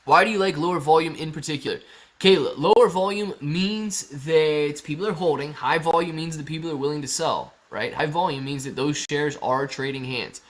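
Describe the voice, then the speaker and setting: Male streamer, slightly high voice, casual and chatty, answers viewers directly and calls them guys and bro. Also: normal speed, fairly bright tone. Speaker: livestream host. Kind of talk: casual livestream chat reading viewer comments.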